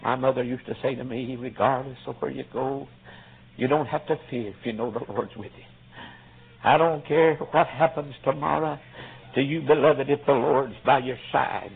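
A man's voice: medium pitch, fairly even intonation, normal speed, vocal fry, slightly rough. A male preacher telling a folksy story in a sermon, his voice swelling with emotion at times. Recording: tinny phone-like lo-fi recording.

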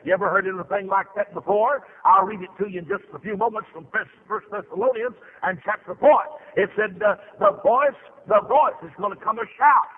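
A man preaching a fervent revival sermon, full of "uh" fillers and rising to shouts. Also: sits high, a little fast, hardly any pauses, slightly rough. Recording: tinny phone-like radio broadcast.

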